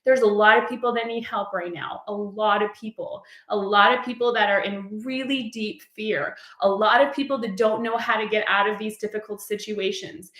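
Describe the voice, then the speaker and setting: A woman's voice: medium pitch, moderate pace, hardly any pauses, a bit bright. A woman giving a heartfelt spiritual message in a casual, earnest way, peppered with "like". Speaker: spiritual coach. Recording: echoey room.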